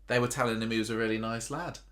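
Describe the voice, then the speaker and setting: A man's voice: mid-range voice, fairly even intonation, fast, a bit bright. A man co-hosting a casual podcast chat about a soap opera, who quizzes his co-host and laughs often.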